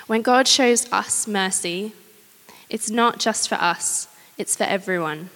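A woman preaching a sermon, candid and personal, with gentle humor. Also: mid-range voice, takes it slowly. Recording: long hall reverb.

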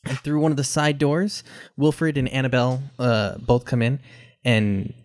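A man running a tabletop game as game master, narrating with a relaxed, halting delivery. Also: mid-range voice.

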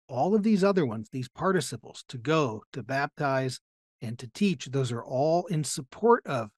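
A man's voice: mid-range voice, no room sound, clean studio sound. A man teaching a Bible lesson in an explanatory way, often putting rhetorical questions to his listeners. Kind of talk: teaching sermon.

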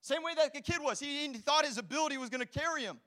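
A man preaching a sermon in a church hall, animated and storytelling, acting out quotes. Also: very high voice, fast. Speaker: pastor.

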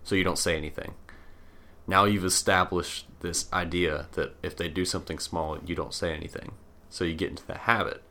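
Young male co-host, very deep and forceful, reflective explainer. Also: fairly even intonation, brisk. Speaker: podcast co-host. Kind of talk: casual conversation.

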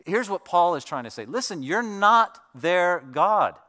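A man in his thirties preaches to his congregation with a bright, forceful voice pitched a little high. He tells stories in a relaxed, conversational way, full of fillers and asides. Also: a little slow. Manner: conversational storytelling with many fillers. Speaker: pastor. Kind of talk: sermon.

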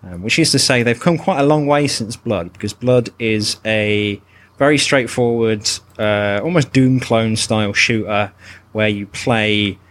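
A man's voice: on the low side, a little slow, fairly bright tone. A man hosting a podcast in a casual, wry way. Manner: laughs easily, wry. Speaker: podcast host. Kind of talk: casual comedic podcast chat.

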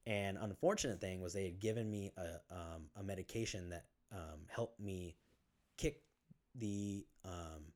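A man, a podcast guest, telling his own story in a casual interview, halting with many fillers and restarts and casual swearing. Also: low voice, a little mellow.

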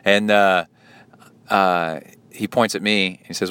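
A man's voice: deep voice, steady tone, normal speed, a bit bright, clear, resonant tone. A man hosting a podcast, telling a casual story with a rambling, chatty delivery and lots of fillers. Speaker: podcast host. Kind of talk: casual spoken race recap.

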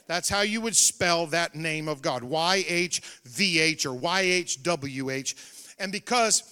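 Male revival pastor, high voice, loud call-and-response preaching in a reverberant sanctuary. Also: measured pace, clean tone. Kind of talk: revival sermon. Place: church sanctuary. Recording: reverberant church hall.

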